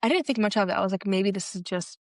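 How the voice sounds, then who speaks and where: A woman's voice: fast, dry recording, studio quality. A young woman co-hosting a podcast, telling a long story in casual chat and acting out the people she quotes. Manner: animated, acts out quoted people with pitch jumps. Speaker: podcast co-host.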